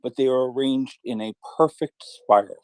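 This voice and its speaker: A man hosts a casual live audio-room chat, talking eagerly and chattily and stumbling over his restarts. His voice sits at a mid pitch. The sound is dry, with no room echo. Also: moderate pace, clear, resonant tone. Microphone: computer or phone mic in a live audio room.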